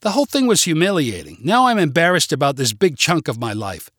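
A man putting on a loud pushy wife. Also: a little high, very animated, fairly quick, no echo, clean studio sound. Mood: indignant. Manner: loud, insistent, indignant. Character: pushy jealous wife, middle-aged.

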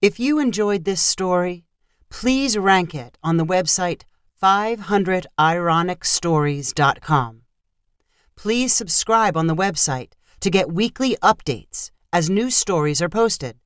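A woman narrates a short story aloud in a lively, expressive reading. Her pitch rises and falls freely, at a middle height. The recording is dry and close to the mic. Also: takes it slowly, smooth, no echo.

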